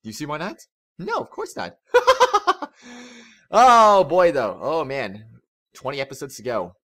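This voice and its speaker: A man hosting a let's play, talking in an excitable, rambling, chatty way. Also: fairly high pitch, normal speed. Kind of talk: casual game commentary.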